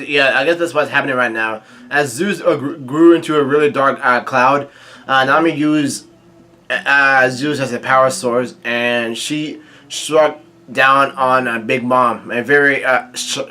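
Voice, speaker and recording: Halting male comic-recap host, bright forward tone, middle pitch. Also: steady tone. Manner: halting, frequent fillers and restarts, quick asides. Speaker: manga reaction host. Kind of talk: casual chapter recap, reading out dialogue.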